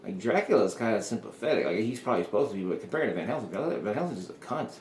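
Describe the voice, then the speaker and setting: A man with a low voice rambles through a loose solo monologue, chuckling often and trailing off mid-thought. He sounds like he is in an echoey room, with a faint hum of ambience behind him. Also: lively intonation, very fast, darkish tone. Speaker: podcast host.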